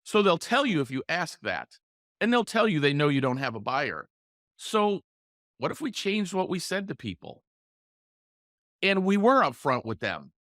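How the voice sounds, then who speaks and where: A male podcast host who coaches his listeners and breaks into short role-played sales calls, using deliberate pauses and changes in inflection. His voice sits fairly high for a man. The sound is dry and close, with no room echo. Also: very animated, fairly bright tone. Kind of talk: solo podcast coaching talk.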